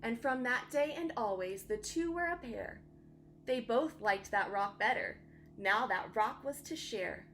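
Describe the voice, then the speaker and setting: Slow, higher-pitched woman reading a bedtime story. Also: expressive, fairly bright tone, a little hiss or hum.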